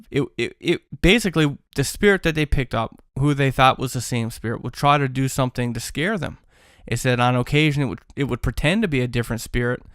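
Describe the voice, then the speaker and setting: A man's voice: medium pitch, clean tone, no room sound, studio quality. Rambling man telling a spooky story. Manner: rambling, many fillers and restarts. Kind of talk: casual paranormal storytelling.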